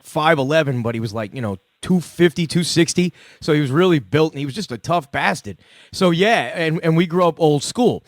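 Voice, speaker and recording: A man, hosting a comedy podcast and telling crude, rambling stories with a gruff, profane manner. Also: fairly high pitch, dry recording, clean studio sound. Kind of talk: crude casual storytelling.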